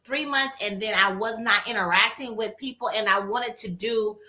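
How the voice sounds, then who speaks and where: A woman therapist co-hosting a casual talk on a video call, telling stories in an animated way and acting out what people said. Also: on the high side, moderate pace. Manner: animated storytelling, acts out quotes. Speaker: therapist and co-host. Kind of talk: casual conversation.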